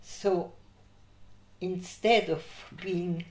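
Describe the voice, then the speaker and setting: An older woman shares memories in an unhurried, lower-pitched voice, laughing as she tells her anecdotes. The recording has a noticeable room echo around her. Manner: lively anecdotal, laughs through her stories. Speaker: interviewee. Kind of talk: oral history storytelling. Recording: echoey room.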